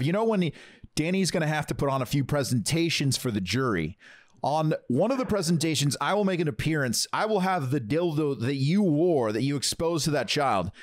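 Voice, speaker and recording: A man's voice: a little high, dry recording, clean studio sound. A man co-hosting a podcast, teasing and egging on a guest. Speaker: podcast co-host. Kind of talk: joking podcast banter.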